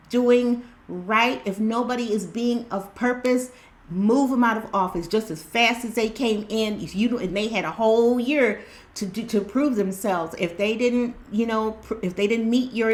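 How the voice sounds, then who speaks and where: A woman giving an excited spiritual tarot reading to her viewers, repeating herself in a preachy way. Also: on the high side. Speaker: tarot reader.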